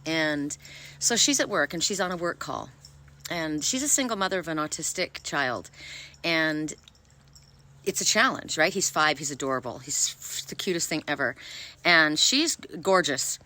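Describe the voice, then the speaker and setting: A woman's voice: sits low, expressive, bright, forceful tone. A woman oracle card reader chatting casually to camera while sitting outdoors on the grass, talkative and effervescent. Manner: talkative, bubbly, quick and effervescent.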